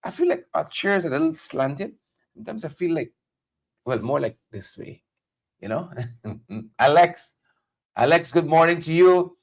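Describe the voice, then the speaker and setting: A man hosts a casual morning live stream. His voice sits a little high, and he is chatty and playful, repeating words as he greets viewers one by one. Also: expressive, a little slow, vocal fry, pauses often. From Caribbean. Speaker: morning show host.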